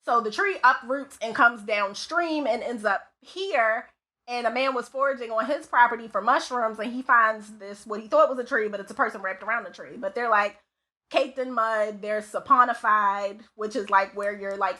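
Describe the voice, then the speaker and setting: A woman guest, an autopsy technician, telling work stories in casual podcast chat, animated and full of "like" fillers. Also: a little high, moderate pace. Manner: animated, lots of "like" fillers, laughs often. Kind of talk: casual storytelling.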